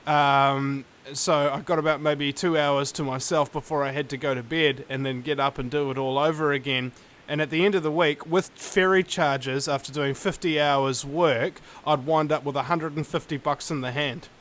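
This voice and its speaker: A man's voice: a little high, fairly even intonation, normal speed, a bit bright, slight background noise. A man, hosting a talk show in casual, blunt chat with mild cussing. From New Zealand. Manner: blunt, mildly cussing, wry. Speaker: host.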